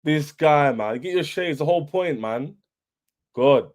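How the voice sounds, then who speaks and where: A man's voice: fairly high pitch, lively intonation, unhurried, a little mellow. Boastful young man ranting. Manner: boastful, repetitive, taunting. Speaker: football fan livestream host. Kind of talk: livestream rant.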